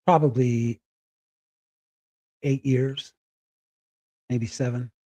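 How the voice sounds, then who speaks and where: A middle-aged man telling a personal story candidly, halting and close to tears. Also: medium pitch, warm tone, no room sound. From Spokane, Washington. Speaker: guest.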